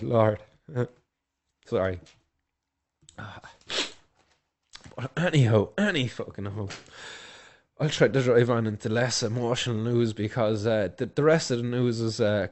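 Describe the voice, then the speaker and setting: A man's voice: mid-range voice, a little mellow. An Irish man hosting a news vlog, tearful with a blocked nose, speaking with passion and heavy swearing. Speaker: host of a home news show.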